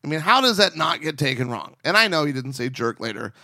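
A man with a fairly high voice co-hosts a casual chat podcast. He reads listener letters aloud and gets worked up over them. The sound is dry and close. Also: very animated, quick pace, gravelly, bright, forceful tone, dry recording. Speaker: podcast co-host reading listener questions.

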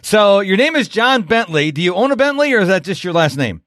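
A man's voice: sits high, very animated, brisk, a bit bright, no room sound, clean studio sound. A man from upstate New York hosting a podcast, chatty and upbeat as he interviews a guest. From Rochester, New York. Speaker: podcast host.

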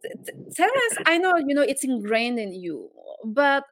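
A woman with a French accent, whose first language is French, hosting a podcast in an earnest, slightly halting way. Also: high-pitched, big pitch swings, a bit bright, dry recording. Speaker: podcast host. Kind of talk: podcast interview.

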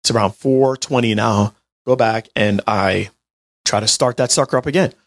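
A man in his late twenties telling a personal story in an animated, chatty way, talking straight to his listeners. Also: lowish voice, moderate pace. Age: 20s. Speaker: healthcare business owner. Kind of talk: storytelling monologue to an audience.

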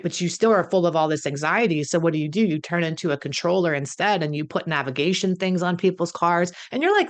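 Throat-clearing woman addiction coach. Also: fairly low pitch. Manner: conversational, repeats and restarts, clears throat often. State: slightly croaky voice from throat clearing. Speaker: addiction consultant. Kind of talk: solo talk to camera.

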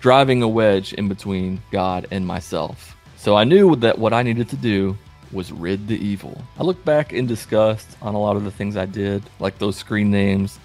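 A man in his late twenties telling stories in a wry, self-deprecating, animated way as a vlogger. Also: fairly low pitch. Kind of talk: casual self-mocking storytelling.

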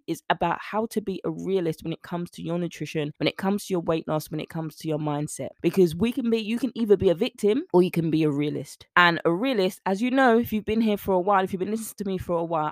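A woman's voice: lowish voice, dry recording, clean studio sound. A woman nutrition coach giving a podcast monologue, emphatic and building her points in rhythmic repeated lists. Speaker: weight-loss nutrition coach.

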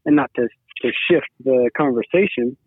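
In casual conversation, a guest who is a sibling-in-law talks in a husky, mid-range voice at a moderate pace, peppering his rambling with "you know." There's no echo, though the line sounds tinny and phone-like.

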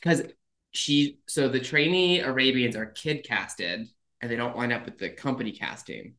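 A man's voice: mid-range voice, normal speed, sharp tone. A man who dances ballet, explaining schedules in a matter-of-fact casual chat. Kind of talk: casual conversation.

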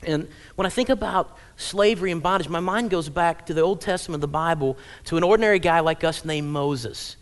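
A man's voice: on the high side, fairly quick, hardly any pauses. A male pastor giving a conversational, humorous sermon in a church, often checking in with the congregation. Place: church sanctuary.

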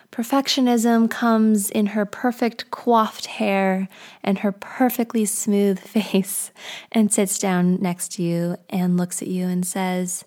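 A woman speaker with a warm, mellow voice leads her listeners through a vivid guided story. She often drops into a soft half-whisper. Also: medium pitch. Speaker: creativity speaker.

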